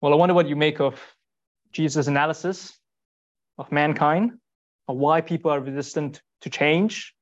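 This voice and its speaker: A man giving a sermon in an earnest, rhetorical way, repeating short phrases and pausing for weight. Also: fairly high pitch, dull audio. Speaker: speaker giving a Bible talk.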